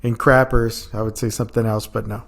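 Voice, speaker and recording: A young man telling stories in casual chat, laughing often and acting out quoted lines loudly. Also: on the low side, level tone, brisk, creaky. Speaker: podcast guest.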